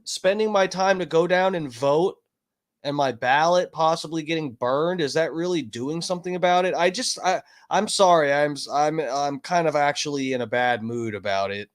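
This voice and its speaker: A man's voice: on the high side, moderate pace. A man hosting a casual livestream from home, rambling and swearing heatedly. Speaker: livestream host.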